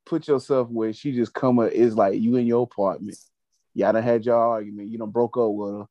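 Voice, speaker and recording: A man's voice: lowish voice, steady tone, brisk, mellow, dry recording, lo-fi sound. A man hosting a casual podcast chat, telling stories animatedly with slang and profanity. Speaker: podcast host.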